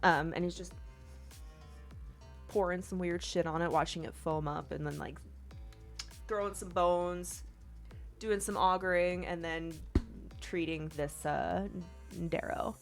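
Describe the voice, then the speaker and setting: A woman's voice: on the low side, fairly even intonation, unhurried, vocal fry, pauses often, faint music behind. A woman narrating as game master in a casual, rambling way. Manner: casual, rambling, filler-heavy.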